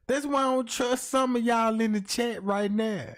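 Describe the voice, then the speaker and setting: A man with an extremely high-pitched voice hosts a comedic livestream at a moderate pace. He rants to his chat in animated, swearing slang and keeps throwing questions at them.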